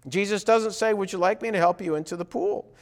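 Earnest preacher man, slightly high voice. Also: a little fast, gravelly. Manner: earnest preaching with rising emphasis and asides; acts out quoted voices in dialogue. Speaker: pastor. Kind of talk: sermon.

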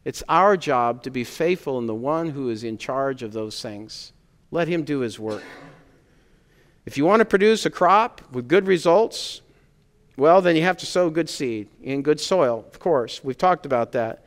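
A man preaching a sermon as pastor to his congregation, earnestly building emphatic points and then dropping to a quiet tone. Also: mid-range voice, expressive, a little slow. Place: church sanctuary. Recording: long hall reverb.

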